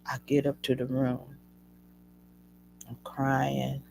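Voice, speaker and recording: A woman hosting a show, telling a personal story to her listeners in an emotional, animated way. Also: extremely low pitch, slow, gravelly, slight background noise, rough recording. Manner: emotional, animated retelling addressing listeners as y'all. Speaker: host.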